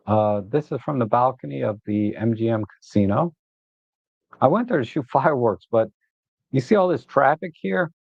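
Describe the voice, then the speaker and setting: Hosting his photography channel's livestream, a medium-pitched man chats loosely about his shots, full of "uh"s and false starts, sometimes getting worked up, griping and laughing. The recording is dry and phone-like with no room sound.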